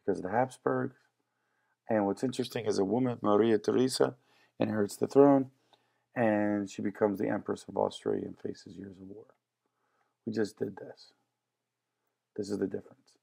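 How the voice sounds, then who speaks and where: A man's voice: lowish voice, normal speed, creaky, pauses often, mellow, breathy edge. A man teaching a history lesson in a casual, joking lecture style. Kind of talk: classroom lecture.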